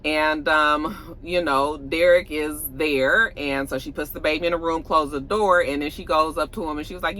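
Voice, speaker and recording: A woman's voice: sits low, moderate pace, hardly any pauses, a little hiss or hum, poor audio. A woman casually recapping and reviewing a TV episode, telling it like a story with blunt, salty asides and opinions. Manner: animated storyteller who acts out the characters' lines.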